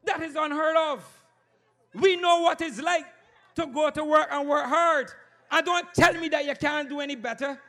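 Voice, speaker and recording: A man with a Barbadian accent giving a fiery campaign rally speech, shouting and repeating his address to the crowd. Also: very high voice, normal speed. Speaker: political candidate.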